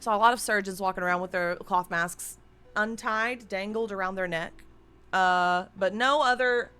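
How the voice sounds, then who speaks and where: A woman's voice: mid-range voice, moderate pace, sharp tone, clear, resonant tone, soft background music. A woman streamer chatting casually and candidly into a desk microphone at home, rambling and swearing freely. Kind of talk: casual live-stream chat.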